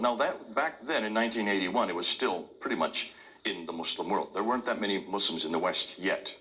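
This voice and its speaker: An older man with an American accent, lecturing an audience with emphatic, forceful delivery. His voice sits a little low, but its tone is sharp and intensely bright. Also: fairly quick, low-quality recording. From India. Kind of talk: public talk to an audience.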